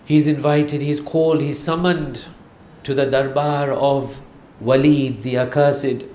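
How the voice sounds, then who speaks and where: A man's voice: medium pitch, steady tone, slow pace, darkish tone, a little hiss or hum. A man preaching an emotional mourning sermon, telling the story with dramatic, grieving intensity. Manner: dramatic storytelling, voice swelling with grief. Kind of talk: emotional majlis sermon narration. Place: mosque hall. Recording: echoey hall with faint ambience.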